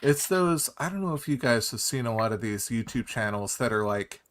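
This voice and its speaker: A man's voice: mid-range voice, expressive, brisk, fairly bright tone. A man hosting a casual panel chat on a stream, steering the talk to new topics.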